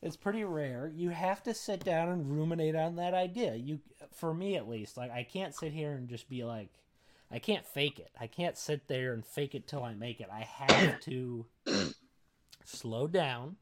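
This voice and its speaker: Rambling young man, slightly high voice. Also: normal speed. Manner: rambling, filler-heavy, self-deprecating. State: tired. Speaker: podcast co-host. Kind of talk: casual chat.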